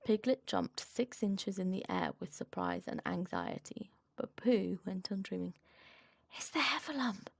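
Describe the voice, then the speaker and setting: A woman reading a children's storybook aloud with expressive, animated narration. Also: medium pitch, measured pace, gravelly, hardly any pauses, no echo, studio quality.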